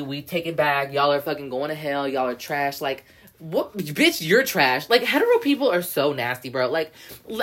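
A woman's voice: deep voice, a bit bright. A young woman hosting a solo podcast, ranting heatedly and profanely, filling every sentence with "like" and "bro.". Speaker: podcast host. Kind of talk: casual solo podcast rant.

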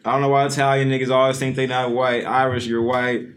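A man co-hosting a podcast, brash and profane, going off on loud comic rants. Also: medium pitch, monotone, quick pace. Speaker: podcast co-host. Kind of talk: casual podcast banter.

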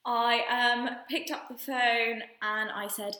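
A woman's voice: fairly high pitch, steady tone, slow pace, bright, forceful tone, reverberant. A woman co-hosting a podcast, telling a story in a casual chat with lots of laughter. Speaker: podcast co-host.

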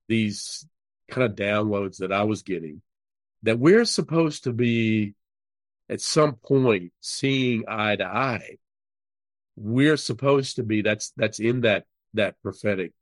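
Male interview guest, low register, earnest and halting, dry recording. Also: no echo. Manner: earnest storytelling, halting restarts. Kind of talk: casual interview conversation.

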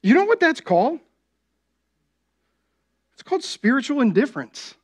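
A man's voice: extremely high pitch, huge pitch swings, measured pace. A young adult man preaching a sermon as pastor, talking conversationally and often asking the congregation "right?".

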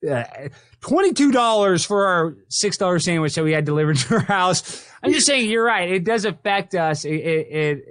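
Fast-talking man, rambling podcast host. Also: high voice, fairly bright tone, no room sound, studio quality. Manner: rambling, lots of restarts and fillers. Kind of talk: casual podcast chat.

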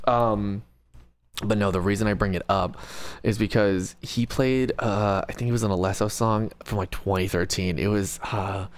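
Animated swearing young man. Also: lowish voice, normal speed. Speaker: podcast co-host. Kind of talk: casual chat. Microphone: studio mic.

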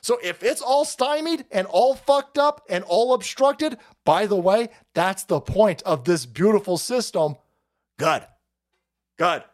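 A man hosting a political stream, ranting with heavy profanity and sarcastic mockery, often breaking into shouts. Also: sits high, expressive, slow pace.

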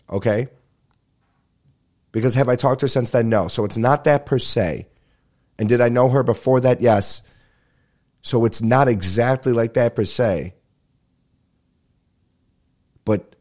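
A young man hosting a podcast, rambling in casual chat, swearing freely and talking fast. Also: medium pitch, darkish tone. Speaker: podcast host.

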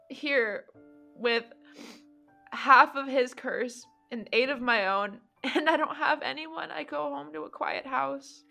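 A woman voices a weary woman monster hunter in a tabletop game, full of old regrets. She talks in halting, hesitant starts, and her voice has a bright, tense edge. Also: medium pitch.

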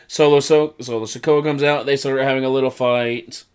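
Animated man recapping wrestling. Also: medium pitch, smooth. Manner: animated, mimics wrestlers in quick put-on voices. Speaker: podcast co-host. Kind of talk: casual wrestling recap chat.

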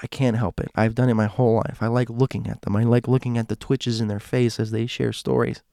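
A man telling a story casually, slowing and dropping to a hush at suspenseful moments with dramatic pauses. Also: mid-range voice, little pitch movement, creaky, dry recording, studio quality.

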